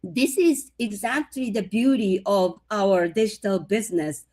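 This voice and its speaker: A woman's voice: mid-range voice, expressive, a little slow. A woman co-hosting a casual podcast chat, talking loosely with lots of fillers and agreeing readily. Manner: chatty, many fillers, warm agreement. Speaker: co-host.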